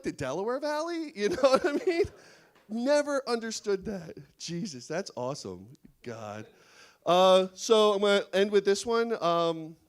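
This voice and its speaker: A man doing a stand-up comedy set on a small studio stage before a live audience, laughing at his own jokes. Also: high voice.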